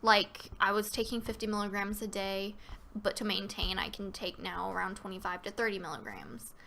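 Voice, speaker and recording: A woman's voice: medium pitch, normal speed, gravelly, bright, forceful tone, a little hiss or hum. A woman hosting a casual live-stream Q&A, talking loosely with many fillers and restarts and reading viewer questions aloud.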